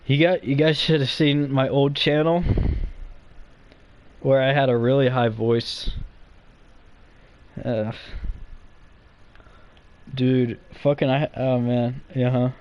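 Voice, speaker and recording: A man's voice: mid-range voice, steady tone, takes it slowly, pauses often, darkish tone, clear, resonant tone. A young man streaming, telling stories in a rambling, profane way full of fillers. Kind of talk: casual live-stream chat. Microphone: streaming mic.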